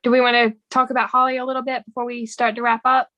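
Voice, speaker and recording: A woman's voice: fairly high pitch, level tone, fast talker, no echo, dull audio. A woman co-hosting a podcast, chatting casually and reading quoted movie lines aloud in an earnest tone. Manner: reads quoted film dialogue aloud, warm and earnest. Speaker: podcast co-host. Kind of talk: casual movie recap chat.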